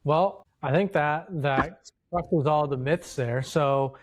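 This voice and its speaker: A man co-hosting a casual podcast as an inventor coach, explaining advice in a steady way. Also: a little high, slow pace. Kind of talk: casual chat.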